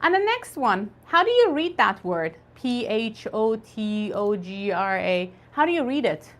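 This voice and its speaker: A woman's voice: fairly high pitch, big pitch swings, measured pace, a bit bright. A woman teaching an online English conversation class, patiently spelling out words and drilling pronunciation.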